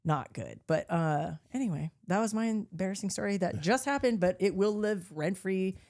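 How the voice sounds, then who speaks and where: A woman hosting a podcast, telling a funny story in an everyday chat. Her pitch swoops widely as she laughs and swears her way through it and mimics the people she met. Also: moderate pace. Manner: animated, laughing, swearing freely, acting out voices. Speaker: podcast host.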